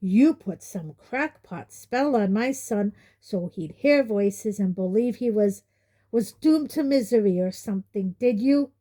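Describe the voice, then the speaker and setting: A woman voicing a loud, blustering, bullying middle-aged uncle in an audiobook reading. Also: medium pitch, slow pace, few pauses.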